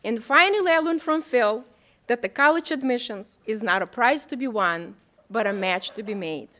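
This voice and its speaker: A woman's voice: on the high side, animated, moderate pace, bright, forceful tone. A woman hosting an event, introducing the guest speaker with a playful little story. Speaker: event host.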